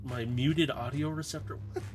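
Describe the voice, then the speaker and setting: A man voicing a calm, watchful female robot scout, low-key and matter-of-fact. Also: normal speed, soft background music, lightly acted.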